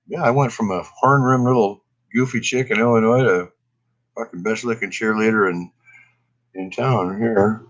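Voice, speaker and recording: A man's voice: on the low side, a bit bright, low-quality recording. A middle-aged man chatting casually on a livestream, rambling and swearing, laughing often and coughing from smoke. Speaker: cannabis vlogger.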